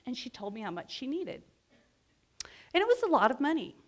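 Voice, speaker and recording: A middle-aged woman and agency founder telling a personal story to students in an animated, lively way, often laughing. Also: high-pitched, brisk. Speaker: guest speaker, agency founder and executive. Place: lecture event before a student audience.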